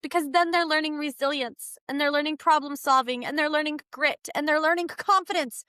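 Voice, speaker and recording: A podcast guest in her thirties, talking about her children's ventures. She tells stories with animation, acting out the quotes, in a bright, forceful voice that sits a little high. The recording is dry and close. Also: fairly quick, dry recording. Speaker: guest, founder of a kids' business program. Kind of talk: podcast conversation.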